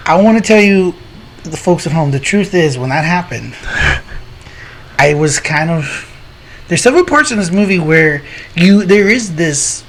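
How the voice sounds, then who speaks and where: A man's voice: fairly high pitch, big pitch swings, unhurried, pauses often, fairly bright tone, a little hiss or hum. A man co-hosting a podcast, reviewing a film in casual, rambling chat and often restarting his sentences. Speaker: podcast co-host.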